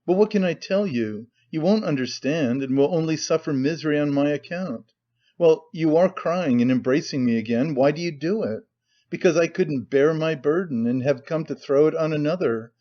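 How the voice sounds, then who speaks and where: Pitched on the high side and at normal speed, a man gives a lightly acted performance as a bitter, tormented young man. The character speaks wearily and broods, with bursts of despair, and the recording is slightly muffled.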